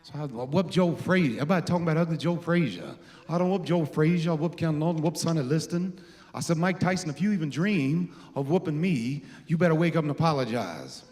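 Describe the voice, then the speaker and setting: A man's voice: on the high side, lively intonation, a little fast, darkish tone, lightly acted. A man doing an impression of a boastful heavyweight boxing legend, taunting and bragging in an echoey hall. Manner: brash, taunting, rhyming boasts.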